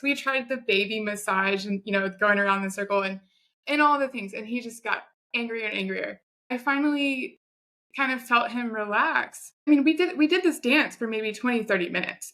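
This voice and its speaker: A woman in her thirties with a bright, forceful voice. She talks in an animated, chatty way, like a guest sharing her own story on a podcast. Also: mid-range voice. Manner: chatty, animated retelling with quoted asides. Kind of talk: conversational storytelling.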